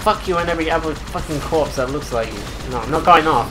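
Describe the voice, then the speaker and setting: A woman doing gameplay commentary, swearing constantly and swinging between furious yelling and low muttering. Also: quick pace, few pauses, faint music behind. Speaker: gamer playing a shooter. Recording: loud game noise behind the voice. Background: game gunfire and ambience.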